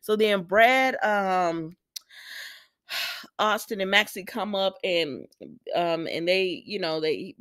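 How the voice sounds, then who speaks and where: A woman's voice: mid-range voice, takes it slowly, pauses often, a bit bright, dry recording, clean studio sound. A woman recapping a soap opera in a chatty vlog, talking straight to her viewers. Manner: chatty, addresses viewers directly. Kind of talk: casual chat.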